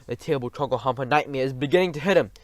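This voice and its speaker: A man voicing a big friendly giant who speaks in mangled grammar, often hushed. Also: medium pitch, racing, dry recording, natural voice. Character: big friendly old giant, gentle and quaint.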